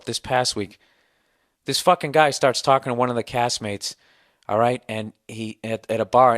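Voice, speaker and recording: A man in his forties with a sore throat rants through a comedic podcast monologue, profane and sarcastic. His voice is mid-pitched and close to the mic in a dry, dead room. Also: a bit bright, no echo. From United States. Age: 40s. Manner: profane, ranting, sarcastic storytelling. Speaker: podcast host.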